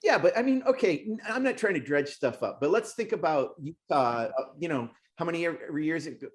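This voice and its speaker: A man's voice: lively intonation, fairly quick. A man hosting a racing podcast, talking in a rambling, emotional way and getting worked up as he goes. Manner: emotional, rambling, pitch rising when worked up. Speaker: podcast host and race announcer. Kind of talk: casual podcast interview.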